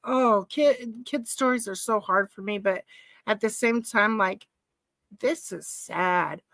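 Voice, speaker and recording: A woman with a high voice talks straight into the mic of a home stream setup, and the sound is close and dry. Her commentary is casual, emotional and repetitive, full of rhetorical questions. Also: measured pace, fairly bright tone, dry recording. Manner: emotional, informal, repeats herself, asks rhetorical questions. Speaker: live-stream host commenting on a trial.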